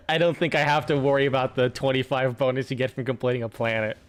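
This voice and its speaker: A man's voice: medium pitch, fairly even intonation, a little fast. A young man streaming a game and chatting casually, rambling with frequent restarts and plenty of swearing. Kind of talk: casual gaming chat.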